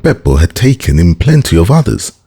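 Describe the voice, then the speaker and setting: A man's voice: sits low, big pitch swings, fairly quick, dark tone, husky, voice pushed up, exaggerated voice. A man reading an audiobook, voicing a grateful young bandit messenger who speaks earnestly and deferentially.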